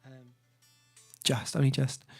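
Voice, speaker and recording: A man's voice: mid-range voice, level tone, slow pace, creaky, slightly rough. A man chatting casually on his music livestream, rambling and self-deprecating, with lots of fillers. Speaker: singer-songwriter streamer.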